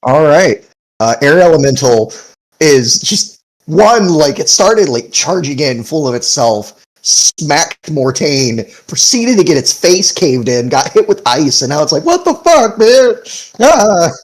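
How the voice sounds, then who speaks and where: A man's voice: on the high side, animated, a little slow, rough recording. A young man acting as game master, casually narrating a tabletop game and laughing often.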